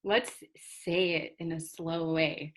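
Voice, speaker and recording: In a low voice with fairly even intonation, a woman works through English vocabulary for learners. Each word gets slow, deliberate treatment as she models it and spells it out.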